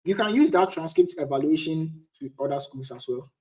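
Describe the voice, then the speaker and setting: A young Ghanaian man in his twenties hosts a casual livestream chat, answering questions from viewers. His voice sits on the high side with a dark tone, and he talks fairly quickly with lively intonation.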